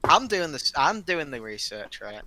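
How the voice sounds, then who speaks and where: A man's voice: on the high side, very animated, moderate pace, sharp tone, poor audio. A man co-hosting a podcast in casual chat, reasoning things out and lightly teasing. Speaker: podcast co-host.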